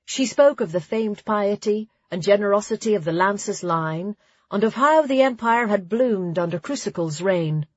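A woman narrating a story in a measured, even way, with a breathy voice. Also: mid-range voice, dry recording, muffled recording. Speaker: audiobook narrator. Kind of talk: scripted narration.

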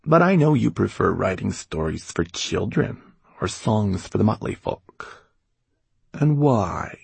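A man's voice: fairly low pitch, animated, normal speed, creaky, a little mellow, slightly rough, no room sound, pitched above the performer's own voice, exaggerated voice. A man voicing a haughty, bored male court illuminator who speaks with a slight lisp and a disdainful drawl.

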